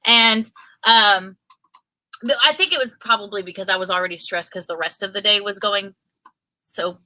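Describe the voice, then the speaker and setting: A woman co-hosting a casual livestream, telling a story with lively, excited outbursts. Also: mid-range voice, moderate pace, rough recording. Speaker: co-host of a reselling livestream.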